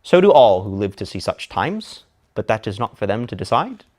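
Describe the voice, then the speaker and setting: A man's voice: fairly low pitch, very animated, normal speed, a little mellow. A man voicing an old male wizard who makes solemn declarations, demonstrating rising intonation in a speaking lesson.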